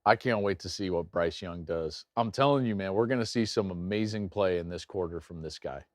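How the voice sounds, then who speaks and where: A middle-aged man hosting a live football watch-along, commenting excitedly on plays and telling stories he acts out loudly. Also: deep voice, a little fast, no echo, clean studio sound. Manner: animated, jumps into loud acted-out anecdotes. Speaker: host and game analyst.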